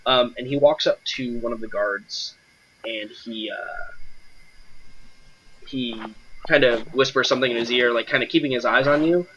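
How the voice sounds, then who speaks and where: A man narrating a tabletop game as game master, halting, with many fillers. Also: medium pitch, fairly bright tone, muffled recording, slight background noise.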